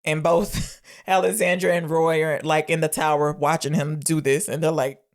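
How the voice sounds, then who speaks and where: A woman with a low-pitched voice co-hosts a casual film review podcast. She walks through the scenes one by one, acting out quoted lines with lively voices and laughing along the way. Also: moderate pace. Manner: retells scenes, quoting lines in animated voices, laughs often. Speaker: podcast co-host.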